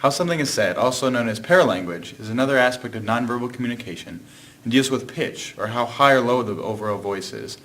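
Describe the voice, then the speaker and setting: A male student narrating a class video in a measured, explanatory way. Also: mid-range voice, lively intonation, fairly bright tone. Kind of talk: scripted narration.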